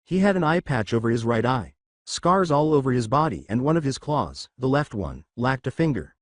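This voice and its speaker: A man narrating a fan fiction story in an animated storytelling manner. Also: medium pitch, moderate pace, no echo, studio quality.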